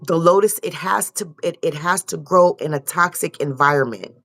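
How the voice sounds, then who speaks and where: A woman's voice: on the low side, normal speed, vocal fry, a bit bright. A young woman giving a loose, casual tarot reading and repeating herself often. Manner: loose, repetitive, swears casually. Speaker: tarot reader.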